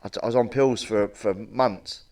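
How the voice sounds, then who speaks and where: A middle-aged man doing blunt, crude stand-up one-liners with a deadpan delivery and plenty of swearing. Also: fairly low pitch, normal speed, far from the mic. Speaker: stand-up comedian.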